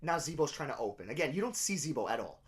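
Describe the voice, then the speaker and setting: A man's voice: fairly high pitch, fast talker. A young man co-hosting a casual podcast, retelling a TV episode with lots of swearing and laughter. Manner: animated storytelling, frequent swearing and laughter. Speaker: podcast co-host.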